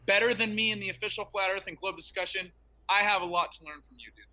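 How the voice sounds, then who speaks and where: A man's voice: sits high, steady tone, fast talker, pushed and bright, poor audio. A man in an online debate, talking in an emphatic, preachy way over a remote call.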